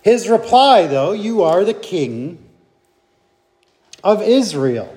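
A man leading a Bible study, reading scripture aloud and explaining it in a deliberate way with restarts and fillers. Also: high-pitched, very animated, a little mellow. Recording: long reverb from a hall.

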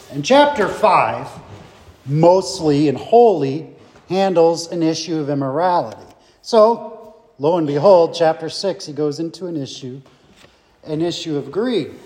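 A man teaching a Bible study class in a slow, halting way, with many fillers and restarts. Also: on the high side, expressive, darkish tone, big-room sound.

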